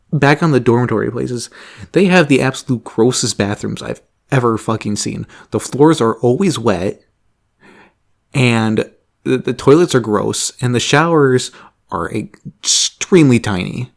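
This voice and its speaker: A man's voice: mid-range voice, creaky, darkish tone. Young man rambling through a story. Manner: rambling, laughing, swearing often. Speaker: vlogger. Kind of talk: casual storytelling.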